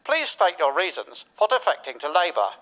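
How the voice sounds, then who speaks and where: A man's voice: on the high side, big pitch swings, normal speed, bright, forceful tone, poor audio. An actor playing a male party leader who speaks in the sing-song delivery of a recorded phone message in a satirical radio sketch. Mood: chirpy. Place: studio before a live audience.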